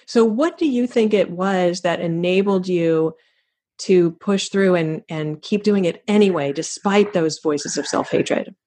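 A woman hosting a podcast, speaking in a thoughtful, affirming and measured way. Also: lowish voice, warm tone. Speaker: podcast host. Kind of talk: reflective interview chat.

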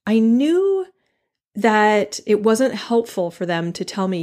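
A woman hosting her own podcast, talking candidly and thoughtfully, pausing to restart and laughing at herself now and then. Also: medium pitch, big pitch swings, a little mellow. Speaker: podcast host. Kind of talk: reflective solo podcast talk.

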